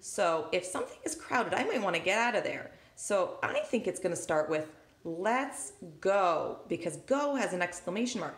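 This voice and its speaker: A woman teacher with a low-side, animated voice speaks at normal speed with few pauses, talking students through a worksheet in a recorded lesson. She works through it aloud step by step, tapping syllables on the table as she holds a handheld recorder in one hand, and the room is echoey.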